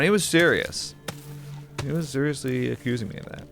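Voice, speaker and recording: A man playing a horror game and rambling through a story in casual let's-play commentary, with quick exclamations. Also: mid-range voice, gravelly, fairly bright tone, soft background music. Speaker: gaming YouTuber.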